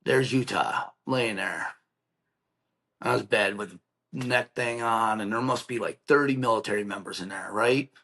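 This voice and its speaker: A middle-aged man with a somewhat low voice recounts a painful memory as a podcast guest. He talks in an earnest, plainspoken way and slips into the voices of the people he quotes. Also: unhurried, gravelly, pushed and bright. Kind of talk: emotional personal storytelling.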